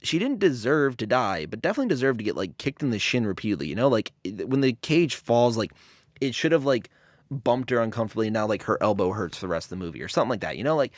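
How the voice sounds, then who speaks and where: Sarcastic man with a lively voice. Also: fairly low pitch, dry recording, clean studio sound. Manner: sarcastic, joking. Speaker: podcast host. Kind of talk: casual film commentary.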